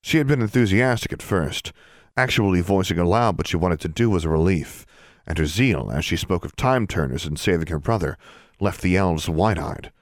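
A man with a very low voice reads a storybook aloud, even and measured. The sound is close and dry with no room around it. His pacing stays steady across long passages. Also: no room sound. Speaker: narrator. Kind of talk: audiobook narration.

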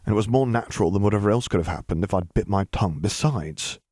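A man's voice: on the low side, quick pace, a little mellow, dry recording, studio quality, natural voice. A man voicing an icy, defiant young man arguing with his father in clipped, cold retorts.

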